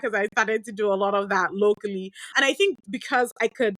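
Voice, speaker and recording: A woman's voice: medium pitch, brisk, few pauses, no echo. A woman in her thirties, a podcast host, telling candid stories in a chatty way, laughing often and filling her talk with asides. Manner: lively, chatty, laughs often, many fillers. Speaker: podcast host answering listener questions. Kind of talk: candid conversational storytelling.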